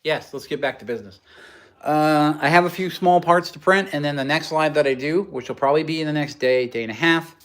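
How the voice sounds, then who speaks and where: A man's voice: a little high, fairly quick, fairly bright tone. A man hosting a casual livestream, talking through a build in a rambling, joking, technical way.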